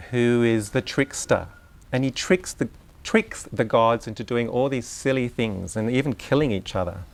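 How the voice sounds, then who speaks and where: A man giving a live lecture on education, talking in a conversational, unhurried way with asides and questions put to the audience. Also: mid-range voice.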